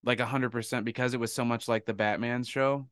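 A man's voice: mid-range voice, brisk, clear, resonant tone, no room sound, studio quality. A man co-hosting a podcast who laughs often and swears freely while chatting and reading a listener's story aloud. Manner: laughs often, profane, animated. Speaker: podcast co-host and editor.

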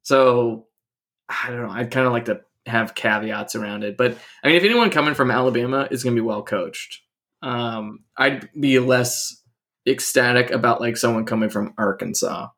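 A man's voice: mid-range voice, moderate pace, gravelly, a bit bright. A man co-hosting a podcast, chatting casually about college football and hedging his points with lots of fillers. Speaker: podcast co-host. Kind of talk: casual sports chat.

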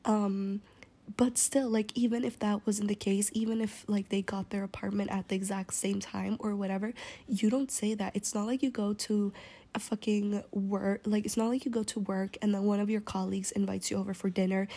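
A woman's voice: mid-range voice, little pitch movement, normal speed, warm tone. A young woman telling a story in a casual, rambling way, often slipping into an unvoiced whisper, swearing and using lots of fillers.

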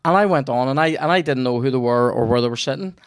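A man's voice: medium pitch, fast talker, clear, resonant tone, no echo, clean studio sound. A young man with a Northern Irish accent, a comedian hosting a podcast, telling stories in casual chat and swearing freely. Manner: rambling storyteller, swears freely.

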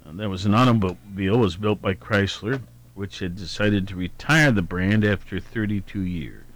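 A man's voice: fairly low pitch, moderate pace, no room sound. A man hosting a radio show who reads the day's anniversaries and birthdays in a meandering way, humming filler syllables and correcting himself aloud. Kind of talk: casual on-air chat, reading daily almanac.

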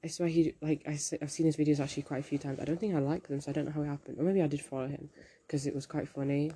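A man's voice: fairly high pitch, level tone, racing, dark tone, breathy edge. A teenage boy, rambling through a casual solo monologue, swearing often and joking at his own expense. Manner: rambling, sweary, self-deprecating, jumps between topics. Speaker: solo podcaster.

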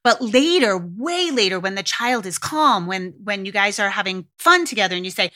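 A woman hosting a podcast, talking frankly and casually with swearing and lively acted-out quotes. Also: medium pitch, normal speed, few pauses. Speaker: podcast host. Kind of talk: casual solo podcast talk.

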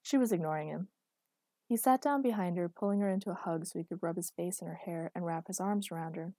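A woman narrating a story in an even, measured reading voice. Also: fairly low pitch, dry recording.

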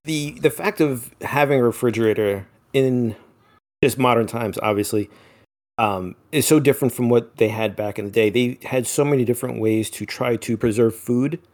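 A man's voice: medium pitch, moderate pace. A man co-hosting a podcast, casually walking through a topic with lots of ums. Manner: relaxed, filler-heavy, laughs easily. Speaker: podcast co-host. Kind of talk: casual chat, presenting a topic.

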